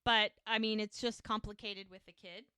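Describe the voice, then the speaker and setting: A woman's voice: medium pitch, steady tone, normal speed, bright, forceful tone, clean tone, no echo. A woman co-hosting a podcast, casually retelling TV scenes and quoting the characters' lines. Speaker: podcast co-host recapping episodes. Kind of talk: casual recap chat.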